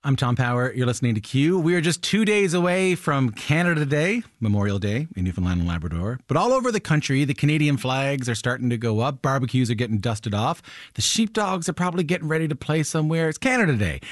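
A man hosting a radio show, reading intros and asking friendly, animated follow-up questions. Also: mid-range voice, fast talker, dry recording, clean studio sound. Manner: friendly, animated, asks short follow-ups. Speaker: radio host. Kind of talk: radio interview and scripted intro. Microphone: studio microphone.

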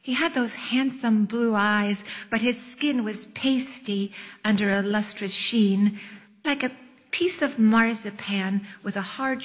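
A woman narrating her memoir in a wry, literary, self-mocking manner. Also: on the high side. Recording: long echoing reverb.

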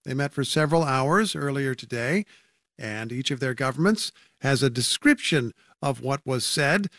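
A man's voice: mid-range voice, lively intonation, moderate pace, fairly bright tone, no echo, clean studio sound. A man anchoring a radio news program, speaking conversationally with wry asides as he introduces reporters and guests.

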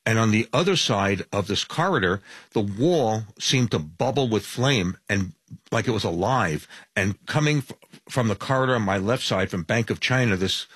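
A man with a low, husky voice gives a vivid, deliberate survivor's account. He speaks carefully and lingers on details. The sound is dry and close. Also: fairly bright tone, dry recording. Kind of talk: interview testimony.

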